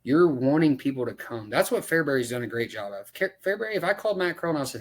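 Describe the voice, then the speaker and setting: A race car driver on a podcast, ranting about racetracks in casual, profane talk full of rhetorical questions. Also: male voice, fairly high pitch, animated, quick pace, hardly any pauses. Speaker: dirt late model race driver.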